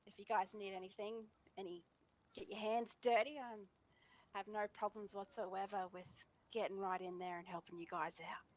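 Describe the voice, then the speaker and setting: A woman's voice: mid-range voice, fairly even intonation, moderate pace. A woman with an Australian accent role-playing a new recruit, speaking in an easygoing, polite way. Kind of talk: in-character role-play. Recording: noisy game voice chat.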